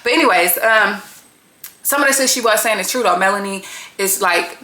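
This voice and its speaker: A woman's voice: mid-range voice, fairly quick, bright, forceful tone, roomy sound. A woman giving a casual, blunt and profane recap of a reality dating show, full of slang and gossip.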